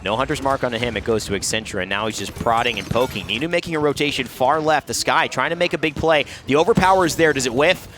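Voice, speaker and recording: A man calling a live esports match as play-by-play caster, with energetic delivery. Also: mid-range voice, fast, hardly any pauses, noisy background.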